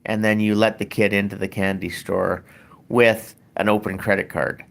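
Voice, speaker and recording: A man's voice: on the low side, flat delivery, moderate pace, gravelly, fairly bright tone. An older man, hosting a show and ranting bluntly in casual, profane talk. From Canada. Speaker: podcast host.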